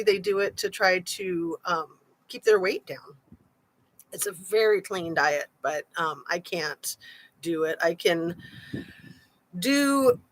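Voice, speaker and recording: A woman's voice: mid-range voice, a bit bright, rough recording. A woman hosting a casual true-crime livestream, talking through her thoughts in a rambling way and reading out viewer comments. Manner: chatty, rambling, frequent "um" and "like".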